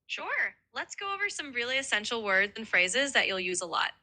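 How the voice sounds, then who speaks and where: AI voice assistant, female, very bright tone, cheerful encouraging tutor. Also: a little high, big pitch swings, fairly quick. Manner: upbeat, encouraging, overly nice. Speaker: AI language tutor voice. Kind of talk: chatbot voice assistant.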